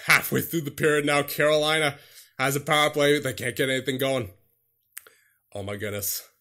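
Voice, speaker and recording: A young man with a bright, fairly high voice calls his hockey video game play by play, out of breath and nervous. He begs his team to hang on between stretches of broadcaster-style commentary. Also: level tone, brisk. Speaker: gaming YouTuber playing a hockey franchise.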